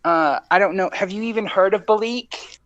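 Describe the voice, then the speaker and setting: A man in casual podcast chat, halting and full of fillers as he sets up a joke. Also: high voice, a bit bright, muffled recording. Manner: slow, halting, many fillers. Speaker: podcast co-host.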